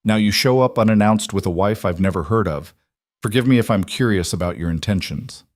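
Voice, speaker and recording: A man's voice: on the low side, fairly quick, dry recording, close to an everyday voice. A man voicing a cold, calculating aristocratic father who speaks in a dry, cutting way. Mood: cold, disdainful.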